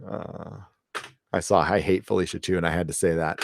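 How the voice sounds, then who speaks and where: Man, low voice, dry close sound, rambling live-stream chat, swears, many fillers. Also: steady tone, moderate pace, gravelly, dry recording. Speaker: host of a live chat show. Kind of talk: casual live-stream chat reading comments.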